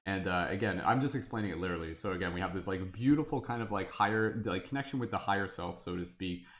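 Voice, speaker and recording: A man's voice: low voice, fast, a bit bright. A man hosting a live tarot-reading stream, talking casually and rambling with many fillers in an upbeat way.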